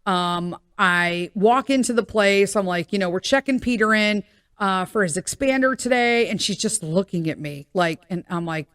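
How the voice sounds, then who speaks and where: A middle-aged woman hosting a podcast tells a casual story at normal speed in a mid-range, fairly bright, smooth voice, using lots of fillers and acting out the voices of people she quotes. The recording is dry and studio quality.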